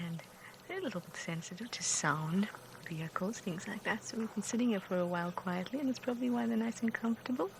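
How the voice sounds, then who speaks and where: A woman guiding a live game drive from a vehicle outdoors, speaking softly and often in excited whispers about animals. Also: medium pitch, quick pace, vocal fry, background noise. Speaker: safari guide. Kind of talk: hushed live wildlife commentary. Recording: outdoor live stream with wildlife ambience.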